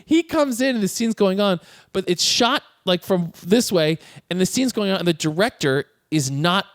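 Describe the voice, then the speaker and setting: A man's voice: sits high, moderate pace, dry recording, studio quality. A man co-hosting a podcast, chatting casually about a film and acting out its lines in playful voices. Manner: animated, acts out movie lines in character voices. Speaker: podcast co-host. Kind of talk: casual chat recapping a film.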